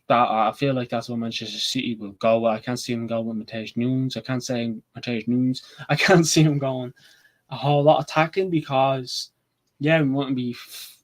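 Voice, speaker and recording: Male channel host, loose unscripted fan chat, eager and swearing freely, mid-range voice. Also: mid-range voice. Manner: rambling, excitable, swears casually. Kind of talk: casual match preview chat.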